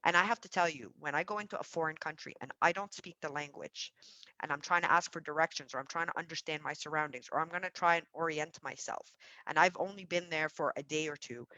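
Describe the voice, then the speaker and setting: Bright-voiced woman giving parenting advice. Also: sits low, no echo, low-quality recording. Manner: animated, emphatic, talks to parents directly. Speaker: childcare centre executive. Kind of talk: parenting talk to camera.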